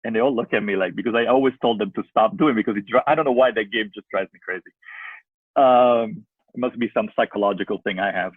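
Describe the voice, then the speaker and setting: A man who coaches youth soccer and makes films, telling rambling, animated stories with lots of fillers over a video call. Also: on the low side, quick pace, breathy edge, no echo. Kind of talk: casual storytelling in a video-call interview. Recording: tinny phone-like line, dry.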